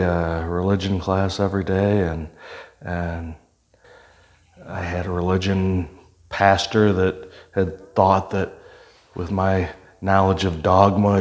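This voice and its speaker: An older man, a retired police officer, telling his life story in a relaxed interview, with many pauses and "uh"s. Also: deep voice. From Michigan, US. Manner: unhurried, reflective, frequent "uh" pauses.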